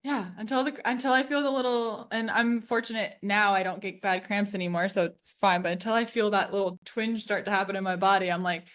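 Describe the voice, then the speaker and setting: A woman in her thirties co-hosts a relaxed podcast chat, her voice sitting at an ordinary middle pitch. She rambles through anecdotes with plenty of "like" and laughs easily as she goes. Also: fairly quick, few pauses. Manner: chatty, fills speech with "like", laughs often while telling stories. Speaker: podcast co-host. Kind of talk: casual chat.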